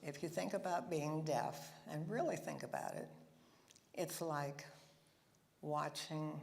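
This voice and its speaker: Slow, gravelly woman talking to a congregation. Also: low voice, a little mellow. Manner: chatty and anecdotal, with asides and laughs. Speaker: guest speaker at a church service. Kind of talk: conversational talk to a congregation. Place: church meeting room with a live audience.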